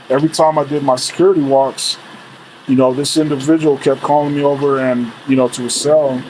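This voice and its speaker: A man's voice: medium pitch, rough recording. A man in a middle register tells a true story from his time as a corrections officer. He rambles loosely and leans on fillers, with a bit of swearing. Faint rainy background noise sits under the voice. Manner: loose, rambling, many "you know" fillers, swears freely. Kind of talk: casual spoken true story. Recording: faint rain and room noise behind.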